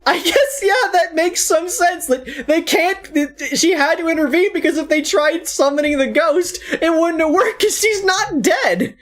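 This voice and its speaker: A woman's voice: very high-pitched, lively intonation, normal speed, few pauses. A woman streaming a game, reading its text aloud and teasing her friends in casual chat. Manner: playful, teasing.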